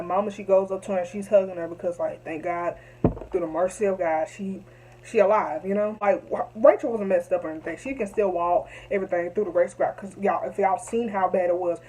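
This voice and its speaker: A woman's voice: medium pitch, fairly quick, warm tone, husky, rough recording. A young woman telling a story to camera, emphatic and repetitive, heated at times. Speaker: vlogger.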